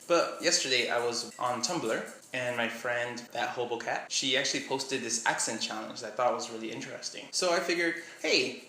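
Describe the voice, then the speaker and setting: A man's voice: mid-range voice, sharp tone. A young man from Miami, Florida, chatting casually in a vlog, rambling and doubting himself as he reads a list aloud. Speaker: vlogger. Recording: echoey room with faint hum.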